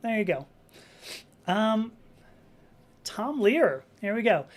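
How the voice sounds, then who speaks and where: A woman hosting a live stream, talking in a rambling, animated way, reading out viewer comments and acting out little quotes as she goes. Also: medium pitch, takes it slowly, pauses often. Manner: rambling, animated, with frequent restarts and acted-out quotes.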